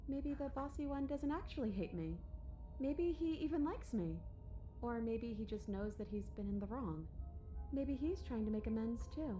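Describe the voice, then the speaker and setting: An actress playing a gentle, hopeful princess in a game, speaking in a soft, soothing, encouraging way. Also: female voice, on the high side, animated, moderate pace, dull audio, faint music behind, lightly acted. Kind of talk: scripted game voice acting.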